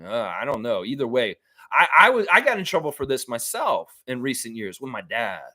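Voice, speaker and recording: A man's voice: fairly quick, dry recording. A man hosting a basketball fan live stream, chatting casually, reading viewer comments and ranting with the odd swear. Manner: animated, jumps into high-pitched mock voices when quoting people.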